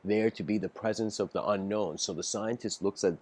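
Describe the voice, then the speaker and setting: Deep-voiced man musing through a lecture. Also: steady tone, a little mellow. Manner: halting and musing, frequent restarts. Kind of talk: improvised philosophical lecture.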